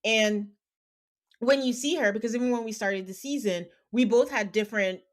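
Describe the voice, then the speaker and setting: A woman podcast host recapping a reality show in casual chat, animated and exasperated, acting out quotes. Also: on the high side, moderate pace.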